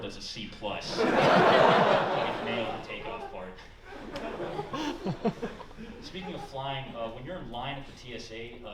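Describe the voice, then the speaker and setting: A man's voice: fairly low pitch, distant mic. Young man doing stand-up in an echoey room. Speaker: stand-up comedian. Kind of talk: stand-up set. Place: small comedy club stage. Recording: echoey club room, mic heard from afar, loud noise.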